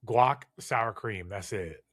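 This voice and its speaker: A man's voice: on the low side, slow. A man co-hosting a casual podcast chat, ranting in a profane, emphatic way. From California. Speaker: podcast co-host.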